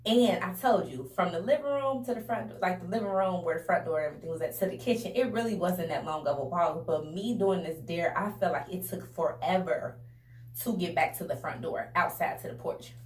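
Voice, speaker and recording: A young woman telling a casual storytime to her viewers in a chatty, animated way, often calling them y'all. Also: on the low side, brisk. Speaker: vlogger. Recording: roomy echo, a bit distant from the mic.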